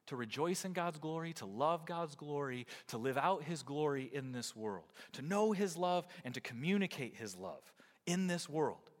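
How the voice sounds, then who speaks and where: Animated male preacher in a reverberant hall. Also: a little high. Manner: expressive preaching, rising and dropping to near quiet. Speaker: pastor. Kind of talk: sermon.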